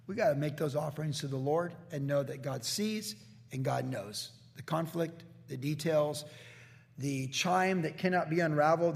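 A man's voice: fairly high pitch, gravelly, in a large hall. A man preaching a sermon as a pastor, earnest, now and then quoting scripture figures in character. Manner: earnest preaching, slips into acted quotes of biblical figures.

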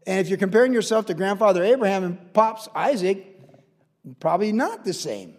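A man preaching a casual verse-by-verse sermon, chatty and animated, acting out the people in his stories. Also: high voice, fairly quick. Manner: chatty, animated storytelling with acted-out quotes. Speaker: pastor. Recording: long reverb of a large church hall.

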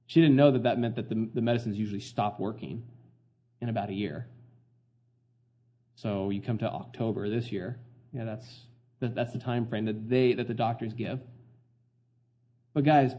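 A man's voice: medium pitch, muffled recording. A middle-aged man preaching a sermon as pastor, earnest and conversational, full of fillers and restarts.

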